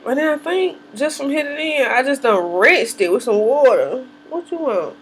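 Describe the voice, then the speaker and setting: A woman's voice: high-pitched, expressive, unhurried, a little hiss or hum. A young woman chatting casually to camera in a vlog, swearing freely and laughing often. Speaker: hair vlogger.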